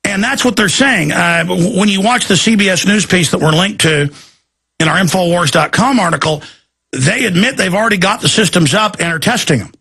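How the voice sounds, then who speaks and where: Gravelly ranting male talk host. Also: sits high, a little fast. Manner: shouting, sarcastic, heated. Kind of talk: angry political rant.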